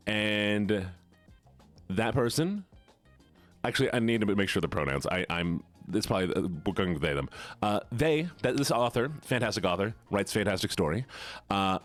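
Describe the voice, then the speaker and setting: Lively low-voiced male streamer. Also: moderate pace, faint music behind. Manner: rambling, playful, chatty with viewers. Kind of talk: casual live-stream chat.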